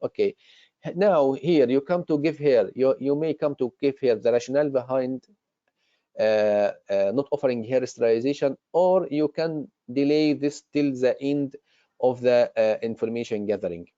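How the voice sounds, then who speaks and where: In an online exam-prep lesson, a man tutoring for a medical exam explains role-play tasks, filling his speech with fillers and restarts. His voice is medium-pitched and mellow at a moderate pace, captured in a dry, dull lo-fi recording.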